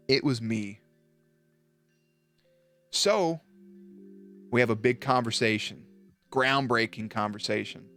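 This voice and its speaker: A man's voice: mid-range voice, fairly bright tone. A young man streaming live, telling stories to his chat in a casual, profane and laughing way.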